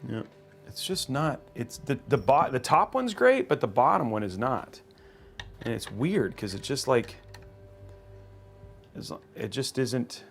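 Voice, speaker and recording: A man chatting casually on a livestream as he builds a computer, his voice rising and falling in a lively way. He thinks aloud, trails off and starts over, and greets the chat between steps. Faint music plays quietly behind him. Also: mid-range voice, measured pace, vocal fry, long pauses.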